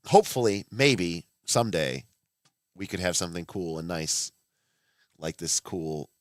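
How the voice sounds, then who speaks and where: Man, thirties, low-pitched, rambling livestream host, blunt and profane, dry close sound. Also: a bit bright, no echo. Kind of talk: casual livestream chat.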